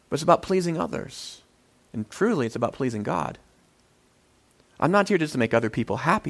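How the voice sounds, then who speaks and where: Pastor, male, light high voice, earnest sermon delivery that swells and drops. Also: gravelly. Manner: earnest preaching, voice swelling and dropping for emphasis.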